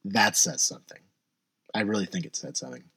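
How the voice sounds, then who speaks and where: Young guy rambling to camera, kinda husky, lowish voice, dry close sound. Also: brisk, pushed and bright, no room sound. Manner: rambling, self-deprecating, with many restarts. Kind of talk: casual monologue.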